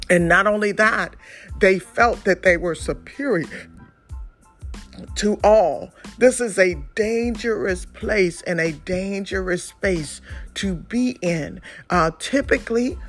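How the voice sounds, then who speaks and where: A woman preaching a sermon in a conversational way, with fillers and restarts. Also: mid-range voice.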